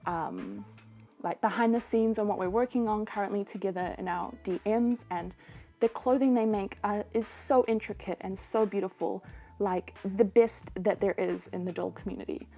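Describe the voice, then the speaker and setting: A young woman with a New Zealand accent, a doll artist unboxing a doll in an excited vlog, full of breathless delighted gasps. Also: fairly high pitch. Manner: gushing, breathless exclamations of delight.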